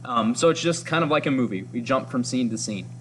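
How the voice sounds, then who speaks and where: A man's voice: mid-range voice, lively intonation, fairly quick, a bit bright, faint music behind. A man teaching, who reads through a comic and explains its art in an upbeat, explanatory way with frequent ums. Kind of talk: reading and analyzing a comic for students.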